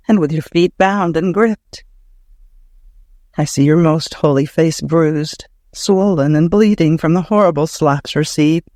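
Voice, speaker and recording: High-voiced man reading devotional prose. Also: a little mellow, no echo, clean studio sound. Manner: fervent, prayerful, emotional. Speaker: audiobook narrator.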